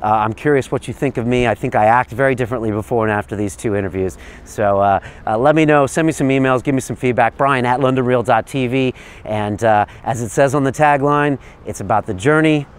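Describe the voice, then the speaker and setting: A man's voice: medium pitch, a little fast, slight background noise. A man hosting a show, talking casually to the camera in a friendly, enthusiastic way with lots of "uh" fillers. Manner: loose, rambling, many "uh" fillers. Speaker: host.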